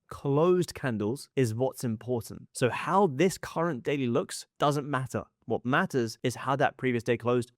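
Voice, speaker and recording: A man's voice: mid-range voice, no room sound, studio quality. A young man coaching as he walks through charts. He asks himself rhetorical questions, answers in short punchy repeats, and doubles up words for emphasis. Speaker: trading educator. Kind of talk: chart walkthrough lesson.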